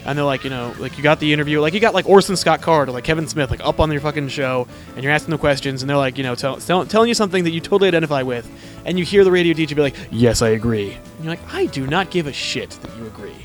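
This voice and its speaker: A man's voice: fairly high pitch, rapid-fire, faint music behind. A man co-hosting a podcast in loose, rambling casual chat, giggling and swearing often. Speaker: podcast co-host.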